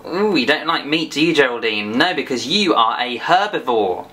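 A woman's voice: a bass voice, lively intonation, normal speed, noisy background. A woman presenting a children's phonics lesson. She chats playfully and teasingly with a puppet. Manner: chatty, teasing teacher talking to a puppet.

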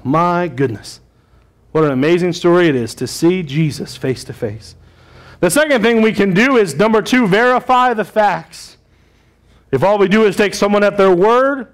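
A man preaching a sermon as pastor of his church, talking in a conversational way and putting questions to the congregation. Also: sits high.

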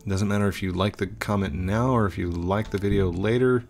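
A man's voice: on the low side, fairly quick, creaky, a little mellow, faint music behind. A man hosting a gaming video, rambling and joking with other players in casual commentary.

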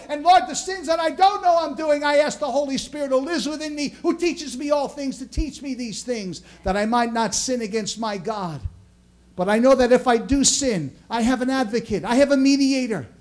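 High-voiced preaching pastor, shouting peaks. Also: male voice. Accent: New York. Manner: swings between loud shouting peaks and low quiet asides. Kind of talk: sermon.

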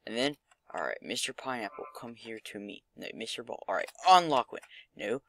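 A man's voice: mid-range voice, animated, unhurried, a bit bright, no echo. A young man giving casual gameplay commentary, muttering, swearing and mocking himself. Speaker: gaming commentator.

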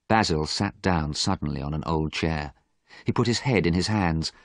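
A man narrating a graded story in a steady, clear storytelling manner. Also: rumbling low, moderate pace, no echo, clean studio sound.

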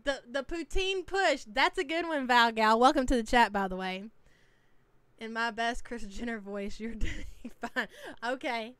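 Chatty woman reacting live, smooth voice. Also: a little high, moderate pace, fairly bright tone, no room sound. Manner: chatty, teasing, reads chat names aloud. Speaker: reaction streamer. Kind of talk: casual live-stream reaction.

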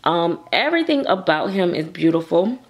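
Woman, casual vlog chat, animated storyteller, slightly gravelly voice. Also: lowish voice, normal speed. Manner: chatty, animated, acts out quotes. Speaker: doll collector vlogger.

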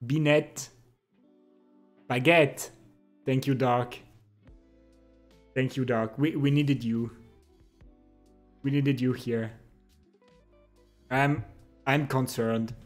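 A streamer who speaks natively, chatting casually and playfully with viewers, laughing and repeating words. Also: mid-range voice. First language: French. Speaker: live streamer.

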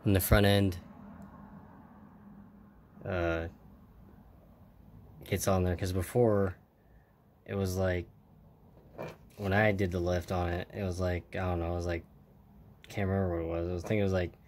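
In a low voice at a measured pace with long pauses, a tired man gives a relaxed hands-on tutorial on his model truck build. He rambles and lets sentences trail off as he talks to himself at the workbench, against clear, steady background noise.

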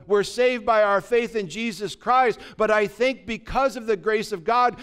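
A man's voice: sits high, fairly bright tone, smooth. A pastor preaching a sermon, asking his congregation rhetorical questions and telling a story with acted-out dialogue. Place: church.

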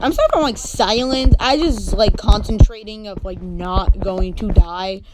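A woman's voice: medium pitch, normal speed. A young woman commentating her own gameplay in a casual way, jittery and anxious, humming to herself between worried remarks. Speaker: gamer. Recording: loud background noise.

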